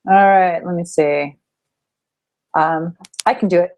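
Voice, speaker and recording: A woman co-hosting a podcast in upbeat casual chat, quick to laugh. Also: lowish voice, fairly even intonation, a little mellow. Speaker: podcast co-host.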